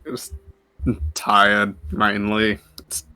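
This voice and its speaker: A man with a low voice speaks slowly and hesitantly, starting and stopping as he plays his character in a tabletop game. His voice is recorded dry and close, with faint music behind it. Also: completely flat delivery, bright, forceful tone, clean tone, dry recording. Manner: hesitant, stop-start and laughing.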